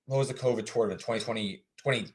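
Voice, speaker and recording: A man's voice: medium pitch, racing. A man co-hosting a sports betting podcast, talking through stats and numbers in casual chat with plenty of fillers. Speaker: sports betting analyst co-host.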